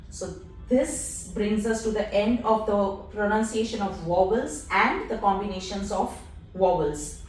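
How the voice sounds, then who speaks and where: A woman teaching a French pronunciation lesson, drilling each word slowly by repetition. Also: a little high, darkish tone. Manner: slow, drilling words by repetition. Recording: very echoey room, mic at a distance.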